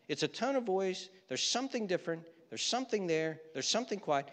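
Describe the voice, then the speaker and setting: A male pastor preaching a sermon, swelling into impassioned pleading and dropping into quiet prayer. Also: on the high side, lively intonation, brisk, few pauses, long reverb tail.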